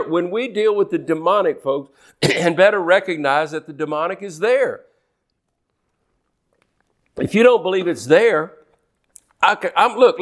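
A male preacher, delivering a lively sermon and mimicking complainers in whiny voices. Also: a little high. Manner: animated, mocks worriers in whiny put-on voices.

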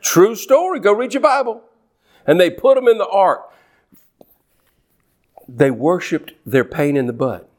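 A male preacher, delivering a lively sermon and mimicking complainers in whiny voices. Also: high-pitched, a little slow, long pauses. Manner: animated, mocks worriers in whiny put-on voices.

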